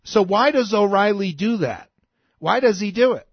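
A man rails through a talk show monologue, indignant and emphatic. His voice sits a little high. The sound is dry and slightly muffled, with no room around it. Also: expressive, moderate pace, slightly rough, dry recording. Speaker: radio talk show host. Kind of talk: political commentary monologue.

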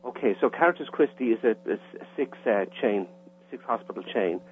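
A man's voice: fairly low pitch, lively intonation, a little fast. A man with an Irish accent, a caller on a radio interview, explaining plainly with some hesitations. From Ireland. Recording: tinny phone line with faint hum.

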